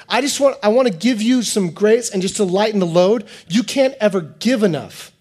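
A man preaching a sermon as a pastor, animated and repetitive, acting out quotes in his talk. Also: high-pitched, fairly quick, hardly any pauses. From United States.

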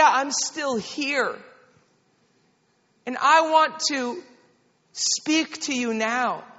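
A man in his thirties preaching a sermon, an animated storyteller who tells a family story and then builds to an impassioned appeal. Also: sits high. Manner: animated storyteller, soft-spoken quoted lines, builds to shouting. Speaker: pastor. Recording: dull sound with long hall reverb.

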